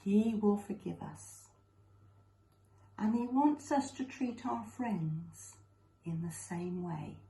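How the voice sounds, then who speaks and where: A woman telling a children's story at a school assembly, slow and expressive, recorded with a roomy echo. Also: mid-range voice, gravelly.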